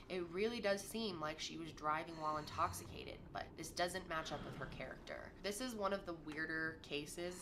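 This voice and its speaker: A woman narrating a true-crime story to her viewers, thinking aloud and asking puzzled questions. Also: medium pitch. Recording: steady background noise.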